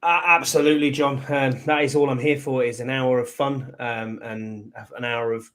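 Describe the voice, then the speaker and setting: A man's voice: mid-range voice, steady tone, normal speed, a bit bright. A man with an English accent co-hosting a sports podcast in casual chat, with dry, wry humor. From England. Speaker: podcast co-host.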